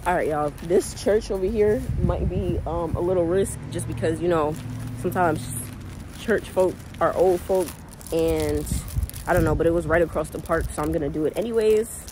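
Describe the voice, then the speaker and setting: A woman's voice: on the low side, moderate pace, background noise. A woman who runs a small business, chatting casually to her viewers as she vlogs outdoors and from her car on a handheld phone. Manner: chatty, talks straight to viewers. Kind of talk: casual vlog narration.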